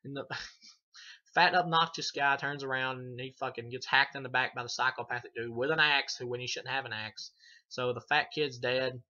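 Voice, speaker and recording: A man's voice: medium pitch, steady tone, moderate pace, sharp tone, dull audio. A man giving a casual, profane film review, rambling and laughing as he retells scenes. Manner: rambling, swears a lot, laughs often. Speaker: movie reviewer.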